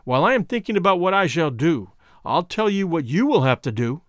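An unruffled, ironic husband, read by a male narrator, speaking with measured, courteous calm. The voice sits a touch high with lively intonation, recorded close and dry. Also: no echo. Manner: calm, measured, dryly polite. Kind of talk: audiobook reading.

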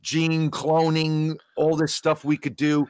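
A man who is a regular podcast guest, talking in a hesitant, halting way with many fillers. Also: on the high side, monotone, a little mellow, smooth, no room sound, studio quality. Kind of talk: casual chat.

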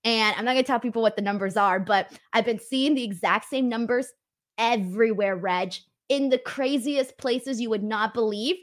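Chatty laughing woman host, fairly high voice. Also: normal speed. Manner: chatty, laughs often, earnest storytelling. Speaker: podcast host. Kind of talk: casual chat.

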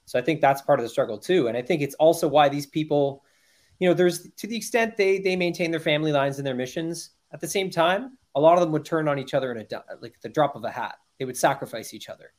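A man's voice: a little high, fast. A man talking earnestly and emphatically as a guest on a podcast interview, with frequent restarts.

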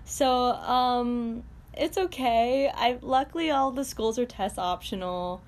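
A young woman co-hosting a podcast, chatting casually and excitedly, often laughing mid-sentence. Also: a little high, slow. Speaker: podcast co-host. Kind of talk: casual chat.

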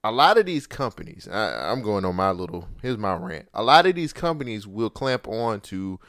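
A man's voice: fairly low pitch, big pitch swings, moderate pace, a bit bright, no echo, clean studio sound. A man co-hosting a podcast, bantering and ranting in casual chat. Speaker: podcast co-host.

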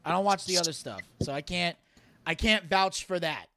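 A man's voice: high-pitched, normal speed. A man co-hosting a podcast, chatting casually and acting out voices as he retells a funny video, laughing often. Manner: animated storyteller, acts out voices while retelling. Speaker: podcast co-host. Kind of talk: casual chat.

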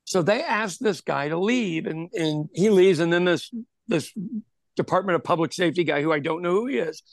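A man who owns a pub, telling an animated story in casual chat, acting out what people said and swearing freely. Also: high voice, normal speed, no room sound, studio quality. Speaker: podcast host telling a story; pub owner.

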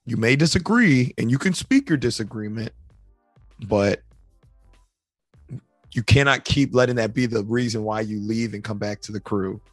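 A man co-hosting a podcast, casually retelling story scenes and acting out character lines in high voices. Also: moderate pace, long pauses, no echo, soft background music. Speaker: podcast co-host.

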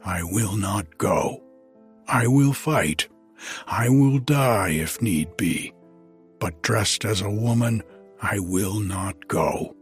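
A man voicing a mighty, angry thunder god who roars his words slowly in a storybook reading. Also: fairly low pitch, soft background music. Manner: roaring, slow and forceful.

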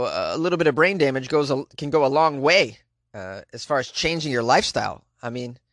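A man's voice: a little high, fairly bright tone, no echo, studio quality. A man with a Boston accent, riffing in comedic commentary, rambling and incredulous.

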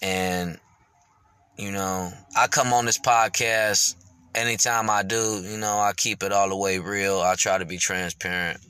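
Bright, candid man rambling on a podcast. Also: on the low side, steady tone, unhurried, clear, resonant tone, no echo. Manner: reflective, rambling, many fillers, swears freely. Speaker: podcast host.

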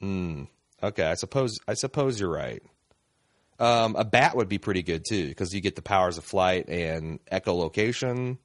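A man's voice: low-pitched, animated, normal speed, no room sound, studio quality. A man co-hosting a podcast, chatting casually in a rambling way full of fillers. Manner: rambling, frequent fillers and laughs. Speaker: podcast co-host.

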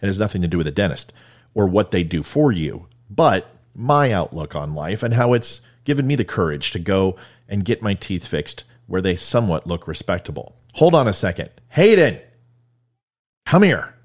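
A man's voice: low-pitched, animated, normal speed. A man hosting a casual monologue for viewers, rambling and joking at his own expense. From California. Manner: rambling, joking, self-mocking. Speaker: host.

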